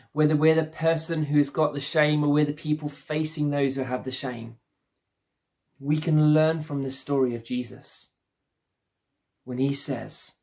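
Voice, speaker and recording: A man's voice: mid-range voice, darkish tone. A man preaching a sermon as pastor, earnest and repeating phrases for emphasis.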